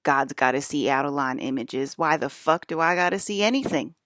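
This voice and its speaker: Low-voiced woman ranting in a rambling vlog. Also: a little fast, a bit bright, no room sound, studio quality. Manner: profane, agitated, rambling with many fillers. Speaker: vlogger. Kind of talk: rambling monologue about dreams.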